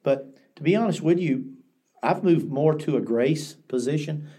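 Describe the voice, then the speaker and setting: An older man who is a pastor tells stories earnestly and reflectively in a podcast interview, frequently starting his sentences over. His voice is fairly high, warm and a bit breathy, and he speaks at a moderate pace.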